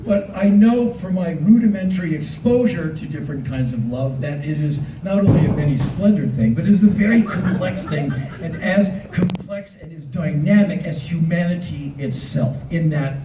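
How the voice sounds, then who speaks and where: Animated storyteller man in echoey hall. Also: on the high side, normal speed, noisy background. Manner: animated, acts out voices with shouts. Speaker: spoken word performer. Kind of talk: live spoken word storytelling. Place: concert hall stage. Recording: echoey hall recorded from far off.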